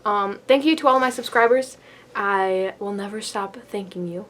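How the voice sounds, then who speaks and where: A woman's voice: mid-range voice, normal speed, a bit bright. A young woman in a casual book review vlog, rambling with lots of fillers and laughing often as she talks. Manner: giggly, laughs often while talking. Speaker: book vlogger.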